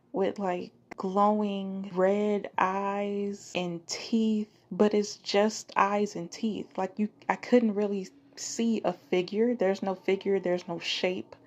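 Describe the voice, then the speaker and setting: Thirties woman podcaster, laid-back storytelling, lots of "like", swears, mid pitch, muffled recording. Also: darkish tone. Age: 30s. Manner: loose and conversational, frequent "like", curses, laughs at herself. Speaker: podcast host. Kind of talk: casual personal storytelling.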